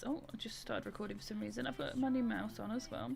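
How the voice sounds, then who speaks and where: A woman's voice: on the high side, quick pace, gravelly, a little mellow, faint music behind. A woman streaming a roleplay game, chatting casually and greeting her viewers one by one.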